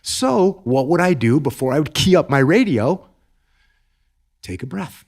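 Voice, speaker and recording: Middle-aged veteran guest, somewhat high-pitched, emphatic and earnest, repeats himself mid-thought. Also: male voice, very animated, moderate pace, a little mellow. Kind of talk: podcast storytelling and advice.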